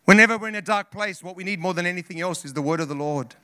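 Fervent high-voiced male preacher. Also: racing, sharp tone, clear, resonant tone, no echo, studio quality. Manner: impassioned preaching with repetitions and call-outs. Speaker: pastor. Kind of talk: sermon.

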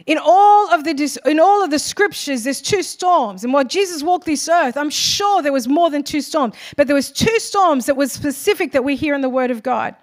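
A woman pastor preaching a sermon in a church, moving from soft, quiet asides to loud, rising exhortation. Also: high voice, expressive, moderate pace, hardly any pauses.

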